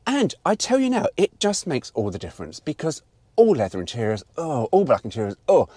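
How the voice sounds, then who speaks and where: A man's voice: fairly high pitch, wildly swooping pitch, a little fast, mellow, dry recording. A middle-aged man, giving a chatty, blunt and opinionated car review walkaround with some mild swearing.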